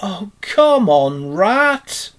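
A man reading aloud and voicing a timid, fretful male mole in a high, plaintive, husky voice. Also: unhurried, a little mellow. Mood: eager.

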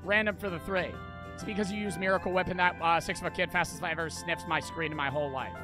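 Crude joking streamer with high voice. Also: male voice, fairly even intonation. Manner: crude, joking, quick to curse and shout. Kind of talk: live gameplay commentary. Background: game music.

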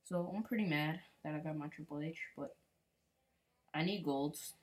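Woman, gaming channel host, low voice, casual rambling commentary, mumbles and hums, repeats words. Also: moderate pace.

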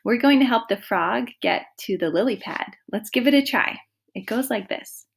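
A woman music teacher giving a slow, encouraging online lesson to young children. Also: a little high, expressive, gravelly, husky. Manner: slow, encouraging, sings vocal slides on ooh.

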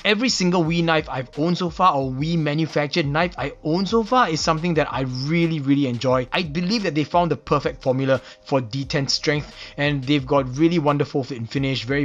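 A Singaporean man with a Singaporean English accent casually narrates a knife unboxing, reviewing details with enthusiastic, admiring exclamations. His voice is on the high side, brisk and a bit bright, though the audio sounds dull.

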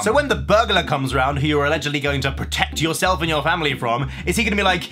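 A man's voice: fairly high pitch, sing-song, fast, few pauses, sharp tone, soft background music. A young man with an English accent, talking to camera in a playful comedic vlog with silly made-up words. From England. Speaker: YouTube vlogger.

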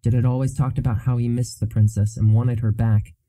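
A man narrating a fantasy novel as an audiobook in a steady, even storytelling manner. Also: medium pitch, a little fast, no room sound, rough recording.

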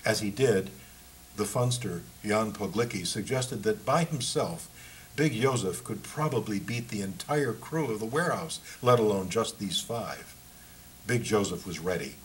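Low-voiced man reading his book. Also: lively intonation, a little slow, slight background noise, low-quality recording.

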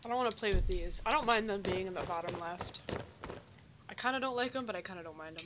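A woman's voice: medium pitch, quick pace, noisy background. A young woman streaming a video game, chatting casually in a blunt, teasing way and swearing freely. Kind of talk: casual gaming chat.

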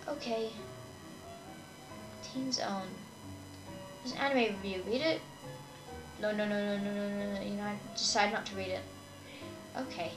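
In this casual let's-play, a woman reads along with the game in a hesitant mumble, often trailing off with "I guess." Her voice is medium-pitched with fairly even intonation at a moderate pace, pausing often, in an echoey room with game music.

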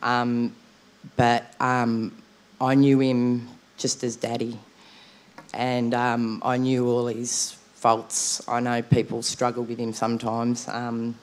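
A woman's voice: very deep voice, monotone, slow. A woman giving a eulogy for her father, speaking hesitantly with many fillers. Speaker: daughter speaking at a funeral.

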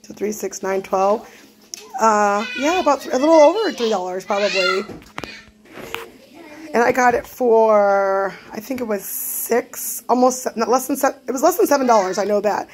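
A woman's voice: a little high, moderate pace, noisy background. A woman, a mother of six vlogging casually from her home kitchen at night, chatty and rambling. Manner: chatty, rambling, loses track. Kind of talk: casual vlog chat.

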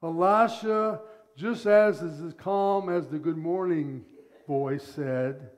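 A male pastor preaching a sermon, telling the story in an animated way and acting out the scenes. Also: a little high, slow pace.

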